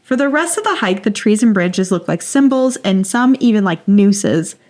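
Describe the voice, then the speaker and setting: Woman podcast host, mid-pitched voice, playful dramatic reading, laughs easily. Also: lively intonation, moderate pace, a little mellow. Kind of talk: reading a listener's story aloud, casual chat.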